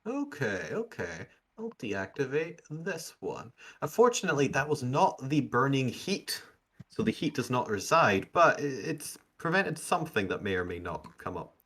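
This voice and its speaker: A man acting as game master, narrating a tabletop game in an animated, rambling way with frequent fillers. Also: mid-range voice, normal speed, breathy edge. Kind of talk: running a tabletop game over a live stream.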